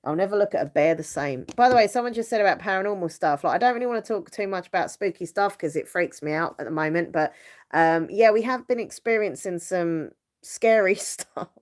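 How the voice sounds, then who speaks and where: A woman's voice: fairly low pitch, animated, brisk, a little mellow. A young woman host chatting casually on a live stream from her bedroom at home, rambling and laughing often. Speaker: channel host.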